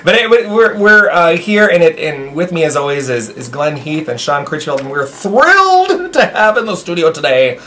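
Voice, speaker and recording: A man hosts a loose late-night radio talk show, rambling and cracking jokes between plugs. His fairly high voice swoops up and down with lots of animation, and there is a faint hiss in the studio. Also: expressive, normal speed, hardly any pauses, bright, forceful tone. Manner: playful, rambling, joking.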